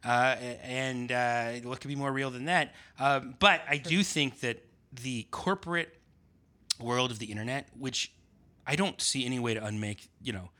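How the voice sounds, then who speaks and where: Casting: man, bright forceful tone, hesitant and full of fillers, relaxed chat. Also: mid-range voice. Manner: halting, many fillers and restarts. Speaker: podcast guest, essayist. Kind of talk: casual conversation.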